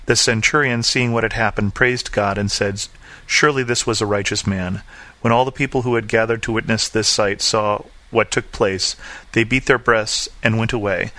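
A male pastor delivers an earnest sermon, reading scripture and then explaining it. His voice is bright and forceful but sits slightly low, and he slows down to stress the key lines. The sound is close and dry. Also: dry recording.

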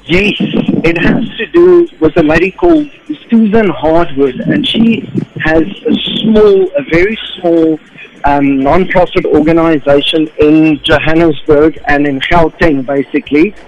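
An exuberant, jokey man from South Africa fills a radio segment and recites a festive poem. His voice sits a little high. The sound is dull and lo-fi, like a call patched into the studio. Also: expressive, a little slow, a little mellow. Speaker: radio show regular.

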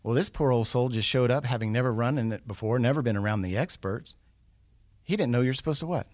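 Animated middle-aged storytelling man. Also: medium pitch, fast, dry recording. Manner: animated, builds suspense with questions. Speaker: guest speaker. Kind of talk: motivational storytelling.

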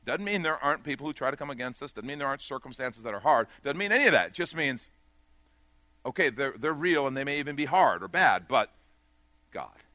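A man's voice: animated, fairly quick, no room sound. Male pastor, sermon delivery, dynamic swings, dry close-miked sound. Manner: swings between loud urgent peaks and quiet low asides.

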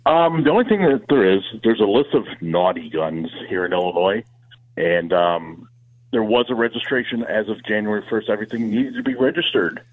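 A man with a lowish voice calls in to a radio show as the firearms expert and answers in a matter-of-fact way. His voice comes through a thin, tinny phone line. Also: lively intonation, brisk. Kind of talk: phone-in interview.

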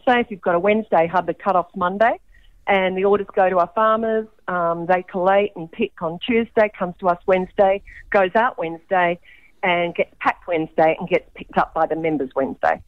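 A woman's voice: on the low side, a little fast, no room sound, highs cut off. An Australian woman, a co-op founder, explaining her work as a radio guest in a chatty way with many ums. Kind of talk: radio interview.

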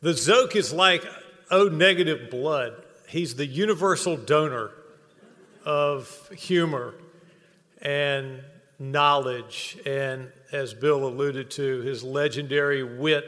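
Man telling funny stories at an induction, bright tone, echoing hall. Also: mid-range voice, slow. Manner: humorous storytelling, builds to earnest close. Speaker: speaker at hall of fame induction. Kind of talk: ceremony tribute speech with anecdotes. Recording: long reverb of a banquet hall.

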